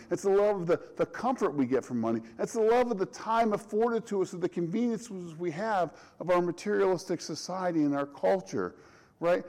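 A middle-aged pastor preaching in a fairly high voice for a man. He talks conversationally, stumbling over and repeating words as he goes, and leans on rhetorical questions. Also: a little mellow, rough recording. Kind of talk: sermon.

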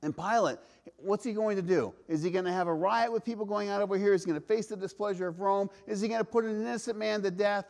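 A pastor preaching a sermon, earnest and emphatic, slowing for weight and firing off rhetorical questions. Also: male voice, high-pitched, steady tone, creaky, a little mellow.

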